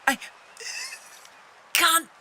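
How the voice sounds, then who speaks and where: A woman's voice: on the high side, takes it slowly, pushed and bright, a little hiss or hum. An actress voicing a terrified woman in a game, gasping and out of breath as she pleads to be left alone. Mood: choking. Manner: frantic, choking and fearful.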